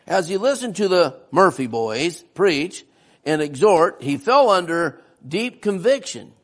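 A man's voice: high-pitched, big pitch swings, unhurried, a bit bright. A man preaching a sermon-style history lesson in a church, folksy and often asking the congregation questions.

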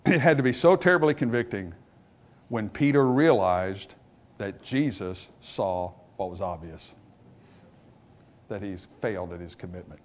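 A male preacher gives an animated revival sermon in church at a measured pace, shifting from loud, building sections to soft, subdued ones and performing short dialogues between characters. There's slight background noise.

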